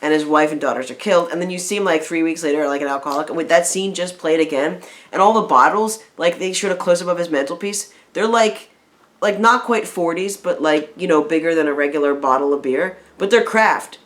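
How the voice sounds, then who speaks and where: Woman, casual film-review chat at home, rambling and lively with restarts. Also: low-pitched, a little fast. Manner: rambling, animated rants with restarts. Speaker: video reviewer. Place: home room with a film playing on the TV.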